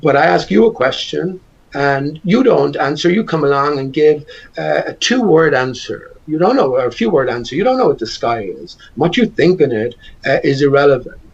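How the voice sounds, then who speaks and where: A man's voice: a little high, expressive, moderate pace, creaky, slightly rough. An older man with an Irish accent arguing on a call, combative and hectoring, repeating his points. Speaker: call-in guest. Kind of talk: heated argument on a call. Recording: dull lo-fi call audio.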